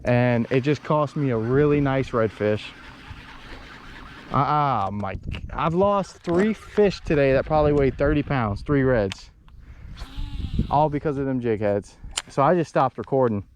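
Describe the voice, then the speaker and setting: A man fishing from a boat and talking to his viewers. He rambles and sounds frustrated, and his voice sits at an ordinary middle pitch. Faint outdoor noise runs under the camera mic, and at times he is farther from it. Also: expressive, a little slow. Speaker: fishing vlogger. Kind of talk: casual outdoor fishing vlog.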